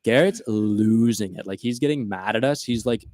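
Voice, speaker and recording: A man's voice: fairly low pitch, normal speed, a little mellow, dry recording, studio quality. A man co-hosting a casual chat, telling a long story and acting out his friends' lines. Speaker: podcast co-host.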